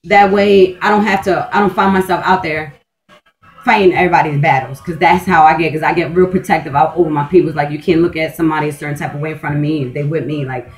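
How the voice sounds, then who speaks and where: A woman's voice: low-pitched, steady tone, fast, vocal fry, poor audio. Blunt, rambling woman swearing freely. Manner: profane, blunt and streetwise; rambling, with frequent restarts and "like". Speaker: vlogger. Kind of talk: casual rambling monologue.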